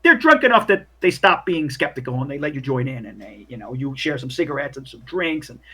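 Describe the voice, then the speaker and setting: A man's voice: mid-range voice, big pitch swings, fairly quick, pushed and bright, slightly rough. A man narrating as game master in a casual, rambling way with many fillers.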